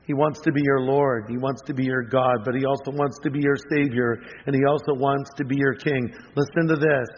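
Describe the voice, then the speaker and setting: A man's voice: medium pitch, fairly even intonation, fairly quick, hardly any pauses, slightly rough. Older male preacher in a reverberant hall. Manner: earnest preaching with conversational asides. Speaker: pastor. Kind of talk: sermon. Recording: long hall reverb, dull lo-fi sound.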